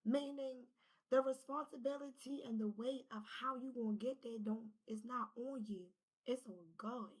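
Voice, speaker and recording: A woman giving a casual spiritual reading, animated and talkative, who drops into whispers, swears and laughs often. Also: fairly high pitch, moderate pace, rough recording. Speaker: spiritual reader.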